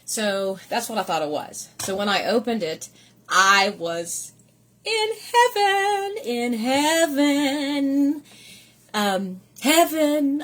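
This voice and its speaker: A middle-aged woman, a third-grade teacher, chatting casually at home in a rambling, gushing vlog. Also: on the low side. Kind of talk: casual vlog chat showing gifts.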